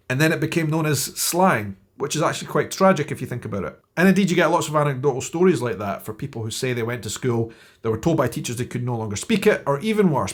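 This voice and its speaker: Chatty Edinburgh Scottish man. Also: mid-range voice. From Scotland. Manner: chatty, reflective, with frequent asides. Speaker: vlogger. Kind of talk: casual talk to camera.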